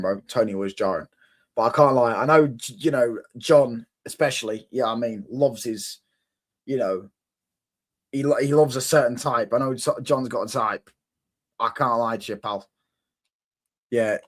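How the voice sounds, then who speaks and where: Young male streamer, slangy and rambling, mid-pitched voice, chats with viewers and laughs a lot. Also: a bit bright. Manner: rambling, slangy, repeats himself, laughs often. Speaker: livestream host. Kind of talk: casual livestream chat reacting to viewer comments.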